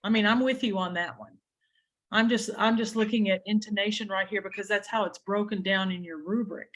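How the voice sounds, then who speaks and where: A woman's voice: mid-range voice, steady tone, fairly quick. A woman leading an adjudicator training session over a video call, explaining in a conversational way with frequent restarts.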